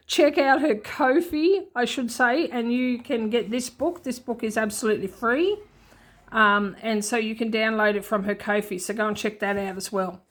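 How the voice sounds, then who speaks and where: An Australian woman chatting casually and unscripted as a budgeting vlogger at home, rambling and repeating herself as she goes. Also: a little high. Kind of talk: casual unscripted vlog chat. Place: at home with her cat nearby.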